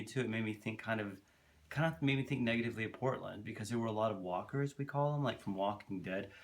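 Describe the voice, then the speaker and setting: A man telling a long personal story to camera for his vlog, rambling and candid, swearing freely and tripping over his words. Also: on the low side. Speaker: vlogger.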